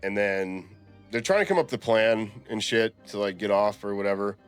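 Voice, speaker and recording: A man's voice: lowish voice, lively intonation, normal speed, smooth, faint music behind. A man co-hosting a casual movie recap, laid-back and crude, swearing freely. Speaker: podcast co-host.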